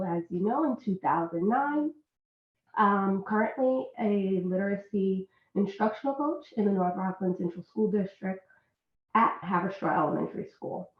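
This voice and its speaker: A woman in her thirties speaks as a podcast guest. She is tearful and emotional, and she talks openly from the heart. Her voice comes through a thin, phone-like line with a hollow, echoey ring. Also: medium pitch. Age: 30s. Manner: open and heartfelt, apologetic about her tears. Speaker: guest, literacy instructional coach. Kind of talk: podcast interview.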